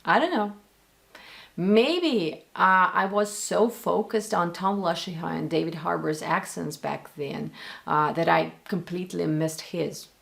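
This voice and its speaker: A woman from Russia, a native speaker of Russian, talking in English with a Russian accent as she casually breaks down actors' accents for her viewers in an animated, direct way. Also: on the low side, unhurried, vocal fry. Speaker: language and accent teacher. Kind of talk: casual commentary on film accents.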